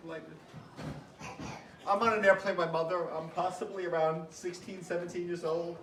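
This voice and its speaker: A man's voice: high voice, flat delivery, fairly bright tone, far from the mic. Man giving a memorial toast, echoey room. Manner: chatty and self-mocking, halting with emotion, laughing through stories. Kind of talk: emotional memorial speech with funny stories. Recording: echoey room, speaker away from the mic, background noise.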